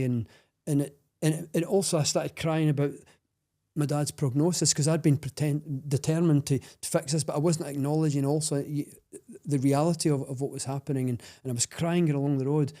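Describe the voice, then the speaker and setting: A Scottish man telling a personal story as a podcast guest, earnest and halting, with many restarts. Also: on the high side, steady tone, mellow.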